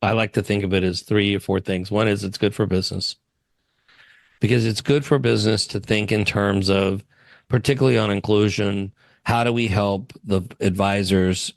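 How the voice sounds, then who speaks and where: In a relaxed interview, this man, a wealth advisor, spins stories and laughs readily. He speaks at a normal speed in a lowish, gravelly voice with a steady tone, recorded without echo.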